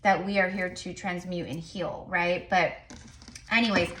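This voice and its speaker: A woman's voice: on the low side, steady tone, fairly bright tone. A woman giving a casual tarot reading to her viewers, rambling with many fillers and restarts. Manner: says she talks fast. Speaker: tarot reader.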